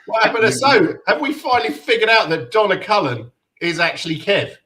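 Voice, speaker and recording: A man's voice: high voice, big pitch swings, pushed and bright. A man hosting a casual fan stream, greeting everyone by name and keeping things moving. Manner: upbeat, greets everyone by name, quick asides. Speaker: stream host. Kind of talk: casual chat.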